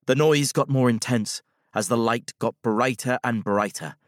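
Male storybook narrator, measured and expressive, dry close sound. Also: medium pitch, no echo.

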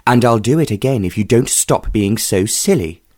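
A man's voice: on the low side, lively intonation, normal speed, no echo, studio quality. A man voicing an indignant young lady. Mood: furious. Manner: sharp and haughty. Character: proud indignant young English lady, nineteen.

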